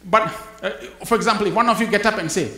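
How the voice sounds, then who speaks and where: Man, high voice, spiritual talk, animated storyteller, echoey hall. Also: quick pace. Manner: animated, acts out dialogue, chuckles often. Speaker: guest speaker at a spiritual gathering. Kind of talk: spiritual talk with humorous anecdotes. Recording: roomy hall echo.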